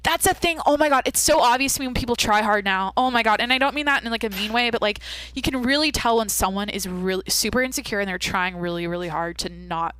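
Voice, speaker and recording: A woman's voice: fairly high pitch, fast, few pauses, a bit bright, clear, resonant tone, dry recording. Candid young woman podcaster, rambling. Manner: rambling, candid, heavy use of "like". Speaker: podcast host. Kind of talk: casual monologue.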